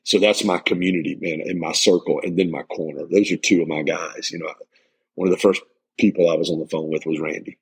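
A middle-aged man with a very low, gravelly voice speaks earnestly on a motivational podcast. His tone is husky and he pushes his points with emphasis, often restarting his sentences. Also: fairly even intonation, fairly quick, rough recording. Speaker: life coach and podcast host.

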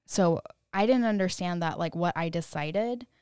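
A woman in her thirties talks through a casual solo podcast, rambling and candid, with "like" and "you know" in nearly every line. Her voice is smooth and a little low. The sound is dry and close, with no room around it. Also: moderate pace, darkish tone, no room sound. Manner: swears freely when quoting her younger self. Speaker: podcast host.

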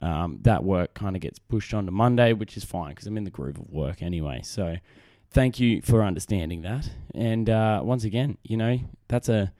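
A man's voice: fairly low pitch, animated, normal speed, few pauses, mellow, dry recording, studio quality. A young man with an Australian accent, hosting a casual solo podcast in a rambling, self-deprecating way. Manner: rambling, self-deprecating, frequent restarts and fillers. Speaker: podcast host. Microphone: desk microphone on camera.

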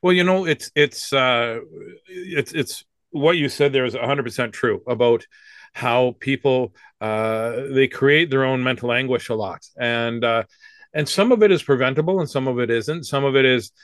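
Man in his fifties, comedian guest, rambling and jokey, mid-pitched voice, dry close sound. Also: moderate pace, dry recording. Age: 50s. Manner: rambling and joking, with many restarts. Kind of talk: casual interview talk.

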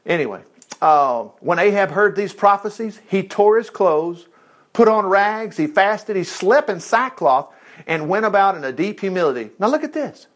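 A middle-aged man preaching a sermon, retelling scripture with lively asides and exclamations. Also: moderate pace. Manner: animated, swings pitch widely, asides and exclamations.

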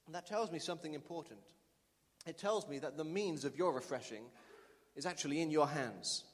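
A man's voice: on the high side, moderate pace. A man preaching a sermon as pastor, emphatic and repeating key lines for the congregation to say with him. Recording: long reverb of a large hall.

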